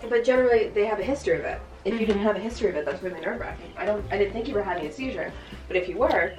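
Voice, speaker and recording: A woman's voice: mid-range voice, expressive, far from the mic, over music. A young woman chatting and teasing her sister, joining in from off to the side. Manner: teasing, quick, laughing along. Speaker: sister of the host. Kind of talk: casual chat from across the room. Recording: echoey room, off mic.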